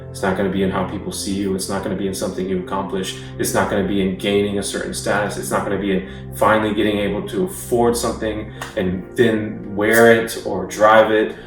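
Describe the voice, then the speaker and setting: Male youth speaker with a lowish voice, chatty sermon delivery, picked up from a distance in a reverberant room. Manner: conversational, repetitive rhetorical lists, occasional chuckles. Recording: echoey room, distant mic, faint music.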